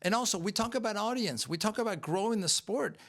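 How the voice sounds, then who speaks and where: A man's voice: high voice, animated, brisk, fairly bright tone. A man hosting a podcast who leads the discussion with probing, pushy questions to his co-hosts. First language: Spanish. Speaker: podcast host. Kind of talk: casual panel chat.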